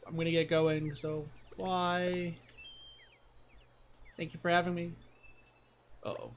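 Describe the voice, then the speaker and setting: A man's voice: fairly high pitch, little pitch movement, slow pace, slight background noise. A man casually chatting to his viewers while streaming a video game, rambling and thanking chat by name. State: hiccups.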